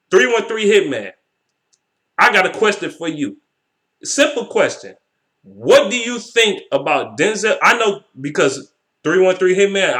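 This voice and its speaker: A man's voice: on the high side, a bit bright. A young man ranting heatedly about basketball as a sports vlogger, swearing and repeating himself. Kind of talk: profane sports rant.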